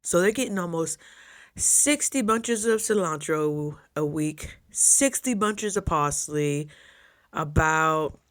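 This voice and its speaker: A young woman talking casually in a motivational vlog, chatty and animated, jumping high when she quotes people. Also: slow pace. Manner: chews while talking at times. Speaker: vlogger.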